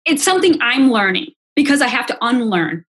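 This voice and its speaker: A woman's voice: a little high, big pitch swings, brisk, a bit bright, husky. A middle-aged woman co-hosting a podcast, talking in a reflective, casual way and asking rhetorical questions. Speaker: podcast co-host. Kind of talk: casual chat.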